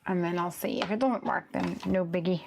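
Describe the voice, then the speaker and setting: A woman from the UK hosting a live crafting stream, talking casually and thinking aloud as she works, now and then trailing off into soft murmurs. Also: on the low side, brisk, gravelly, noisy background. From United Kingdom. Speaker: crafting livestream host.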